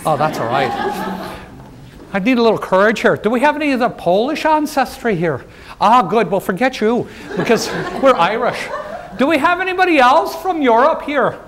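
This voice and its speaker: Guy doing a joking old-time union organizer, high voice, chatting up the crowd. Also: big pitch swings, moderate pace, background noise. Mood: jovial. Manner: folksy, joking, addresses the crowd directly. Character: jovial man, a 19th-century union organizer. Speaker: living-history presenter. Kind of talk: first-person historical role-play to a live audience.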